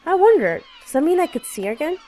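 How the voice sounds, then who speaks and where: A woman giving casual let's play commentary, reacting out loud with exclamations and laughs. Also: sits high, rapid-fire, a little hiss or hum, rough recording. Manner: expressive, exclaims and laughs at the game.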